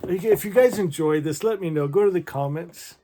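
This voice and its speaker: A man talking warmly to his viewers and reading devotional poems aloud in a gentle, emotional, effusive way. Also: sits high, moderate pace. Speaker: spiritual vlogger. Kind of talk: heartfelt talk and poetry reading to viewers.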